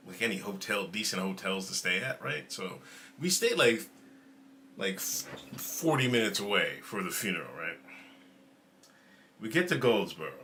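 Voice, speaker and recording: Bright, lively man chatting on stream. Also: lowish voice, slight background noise. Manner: animated storytelling with laughs; snacking and chewing while talking. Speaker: show host. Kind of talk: casual livestream chat.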